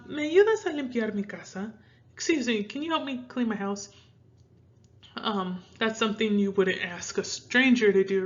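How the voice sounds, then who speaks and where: A young American woman from Minnesota gives a casual Spanish lesson, talking in a chatty, rambling way with many fillers. Her voice sits at a middle pitch for a woman, and her Midwestern accent is easy to hear. The recording sounds a little dull and lo-fi. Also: a bit bright. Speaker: Spanish teacher.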